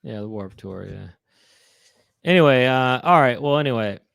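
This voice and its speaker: A man's voice: mid-range voice, expressive, normal speed, gravelly, a bit bright, smooth, dry recording. A man in his forties co-hosting a casual chat show, telling stories in a rambling way that keeps cutting itself off. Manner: rambling, self-interrupting storytelling. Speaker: co-host.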